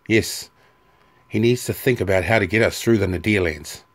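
A man's voice: fairly low pitch, moderate pace, fairly bright tone. A man voicing a bitter, resentful Legion officer who sneers at nobles and kings.

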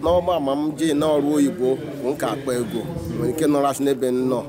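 A man speaks haltingly, pausing on fillers as he mixes two languages. His voice sits at a middle pitch. A loud crowd nearly swamps him. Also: steady tone. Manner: halting, with many fillers, mixing Igbo and English.

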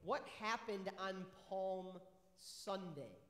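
A high-pitched man leads a children's sermon as a pastor, upbeat and friendly, asking the kids question after question. His voice rings through a roomy church sanctuary with a long, echoing reverb. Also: expressive, slow, fairly bright tone.

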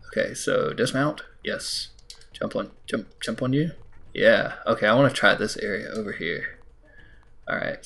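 An American man talks through his gameplay in a loose, chatty way, with a gravelly, fry-edged voice at a middle pitch. He teases himself, scolds the game and now and then jumps up into surprised high yelps. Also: fairly bright tone. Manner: self-mocking, talks to the game, sudden high exclamations. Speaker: let's play host. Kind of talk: casual gameplay commentary.

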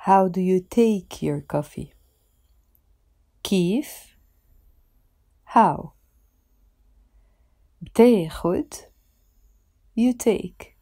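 A woman's voice: mid-range voice, expressive, takes it slowly, pauses often, mellow. A woman with a Lebanese accent teaching a language lesson, speaking carefully and repeating words so they can be pronounced. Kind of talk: slow instructional lesson.

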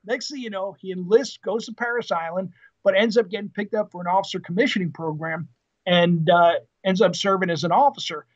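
A man in his fifties, a podcast guest, telling family stories in a lively, casual way and acting out the dialogue. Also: high voice, brisk. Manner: lively storyteller who acts out quoted dialogue. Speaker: podcast guest, retired Marine officer. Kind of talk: casual storytelling interview. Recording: dull lo-fi sound.

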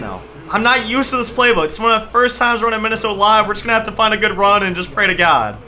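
Casting: young male gaming YouTuber, high, very bright voice, hypes up every big play, light background noise. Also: fast talker, hardly any pauses. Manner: excitable, trash-talking, shouts at big plays. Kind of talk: gameplay commentary.

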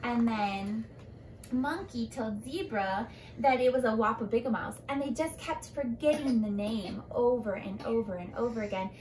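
A woman teacher reading a picture book aloud to children and explaining it in a lively way. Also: fairly high pitch, normal speed, a little hiss or hum, low-quality recording. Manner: animated, explaining to kids.

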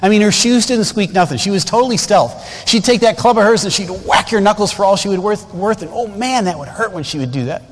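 Hardly pausing, a man in his fifties speaks fairly quickly in a high voice with lively intonation as he preaches a storytelling sermon as guest preacher. He's folksy and conversational, often addressing the congregation, and the big sanctuary gives long hall reverb.

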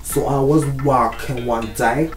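A man putting on Claudine, a sassy loud lady. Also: mid-range voice, fairly even intonation, measured pace, lightly acted. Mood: chatty. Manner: loud, scolding, repeats "okay?". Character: sassy, bossy young woman who demands respect. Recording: echoey room, mic at a distance, faint music.

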